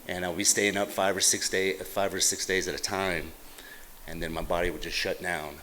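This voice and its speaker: A middle-aged man from Utah telling his recovery story at a meeting, halting and plain-spoken, with many fillers and restarts. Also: sits low, sharp tone, slight background noise. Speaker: AA meeting speaker. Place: meeting hall.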